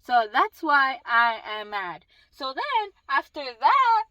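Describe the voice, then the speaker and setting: Bright, high-voiced young woman telling a story. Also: takes it slowly, no echo, dull audio. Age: young adult. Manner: swearing, animated storytelling with acted quotes. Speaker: vlogger. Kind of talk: casual storytime vlog.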